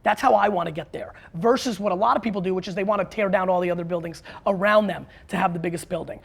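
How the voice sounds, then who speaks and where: Gravelly, emphatic man talking. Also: sits high. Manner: emphatic, blunt, excitable, with quick restarts. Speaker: author and marketer, guest. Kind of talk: animated interview talk. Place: studio.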